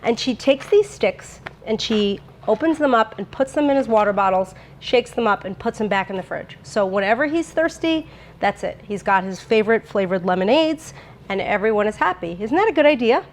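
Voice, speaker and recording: A woman's voice: on the high side, lively intonation, brisk, a little hiss or hum. A woman presenting a sponsored cooking demo in a home kitchen, talking in a chatty, bubbly way with lots of fillers. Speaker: brand presenter.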